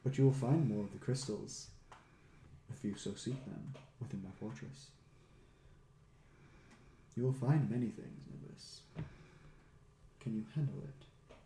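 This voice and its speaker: A man's voice: medium pitch, a little slow, long pauses, dark tone, roomy sound, a little hiss or hum, lightly acted. A man voicing a gloating villainous lich mastermind who mocks his foe in a tabletop game. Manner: taunting, mocking.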